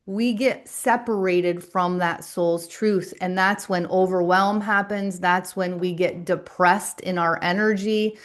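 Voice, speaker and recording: A middle-aged woman coaching on a live stream, speaking slowly and deliberately in a soothing way to her viewers in the chat. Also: medium pitch. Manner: slow, deliberate, soothing delivery. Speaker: spiritual coach and astrologer.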